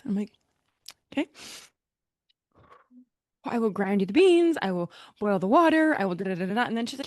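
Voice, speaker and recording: A woman hosts a casual podcast chat, telling stories with real animation, slipping into little voices for the people in them and laughing easily. Her pitch sits in the middle of the range and the sound is close and dry. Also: a little fast, dry recording. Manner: animated storyteller, acts out voices, laughs often. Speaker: podcast host.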